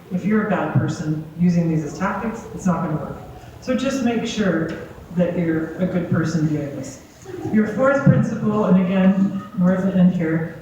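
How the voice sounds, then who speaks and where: A woman's voice: on the low side, warm tone, slight background noise. A woman giving a conversational talk to a gathering, often checking in with the audience. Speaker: guest speaker. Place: community gathering hall. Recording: echoey hall, distant and dull.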